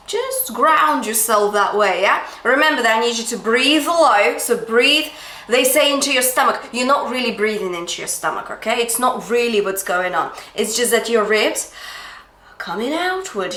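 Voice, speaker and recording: A woman's voice: bright, forceful tone, echoey room. A woman vocal coach giving a singing lesson, encouraging and checking in with "yeah?" and "okay?", breaking off to demonstrate sung phrases. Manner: demonstrates sung phrases and light falsetto between explanations.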